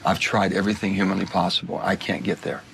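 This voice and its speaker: A man with a very low, gravelly voice answers firmly in a TV interview. His delivery stays flat and measured, with faint noise from the broadcast clip. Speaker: politician in a TV interview.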